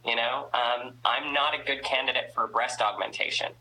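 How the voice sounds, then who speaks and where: A woman's voice: extremely low pitch, fairly even intonation, normal speed, pushed and bright, slight background noise, rough recording. A woman hosting a casual video chat. She is stuffy from a cold and talks in a chatty, candid way, lifting the ends of her sentences. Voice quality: trained singing voice.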